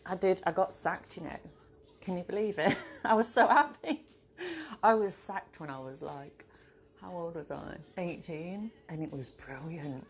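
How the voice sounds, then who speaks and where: A woman's voice: low voice, slight background noise. A woman vlogging casually to a camera on a tripod at home, rambling and swearing freely. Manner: rambling, swears freely, bursts into laughter and playful voices. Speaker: spiritual vlogger. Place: home with her dog.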